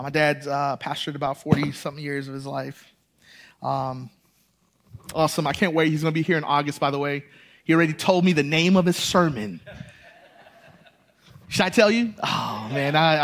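High-voiced preaching man. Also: a bit bright. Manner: storytelling, builds to impassioned emphasis. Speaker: pastor. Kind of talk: sermon.

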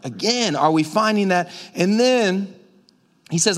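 A man's voice: high voice, animated, unhurried, a bit bright. A man preaching a conversational sermon as pastor, emphatic and full of repetitions. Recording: long hall reverb.

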